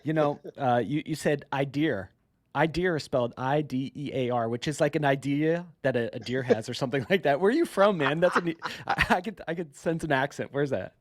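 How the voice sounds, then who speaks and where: A man's voice: fairly high pitch, fairly quick, dry recording, clean studio sound. A man hosting a podcast, talking in an upbeat, chummy way and calling his guest man and bro. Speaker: podcast host. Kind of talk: casual interview.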